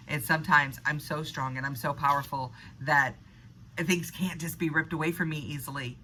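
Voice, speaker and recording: A woman's voice: deep voice, steady tone, a little fast, sharp tone, slight background noise, poor audio. A woman in an unscripted motivational monologue, talking earnestly and conversationally, sometimes laughing at herself. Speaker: spiritual vlogger.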